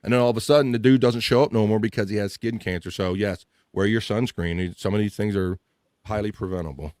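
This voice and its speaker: A man's voice: fairly low pitch, quick pace, a little mellow, no echo, studio quality. A man hosting a casual livestream, joking loosely and reading viewer comments aloud. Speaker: livestream host.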